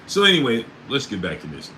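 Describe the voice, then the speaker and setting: Male stream host, bright and animated, prone to loud bursts of disbelief. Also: mid-range voice, normal speed, slight background noise, poor audio. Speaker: sports livestream host. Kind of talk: casual livestream chat.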